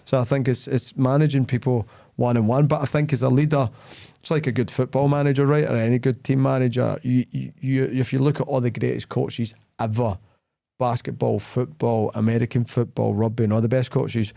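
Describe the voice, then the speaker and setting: A gravelly mid-range male voice, fairly quick, comes through clean studio audio with no room sound. The podcast host chats casually, telling stories plainly and bluntly while acting out the quoted lines.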